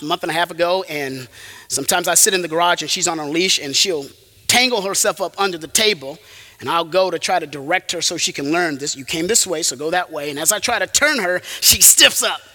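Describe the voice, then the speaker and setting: Man, preacher, sermon, high voice, very bright tone, emphatic. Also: fairly quick, big-room sound. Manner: emphatic, rises and drops sharply for effect.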